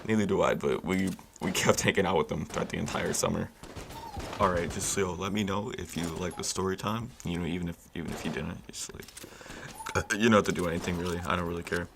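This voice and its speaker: A man's voice: low voice, quick pace, gravelly, a bit bright, slight background noise. A young man telling a story in a laid-back, rambling, slangy way. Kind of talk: casual story time.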